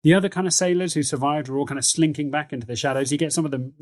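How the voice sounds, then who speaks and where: A man's voice: a little high, very fast, a little mellow, no echo, clean studio sound. A man narrating a tabletop game as game master, rambling and joking with lots of fillers. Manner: rambling, jokey, full of fillers.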